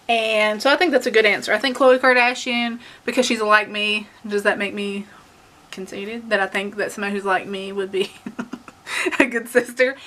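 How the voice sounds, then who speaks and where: A young beauty vlogger with a Southern US accent chats casually to the camera, rambling with lots of fillers and laughter. Her voice is mid-range with a sharp tone.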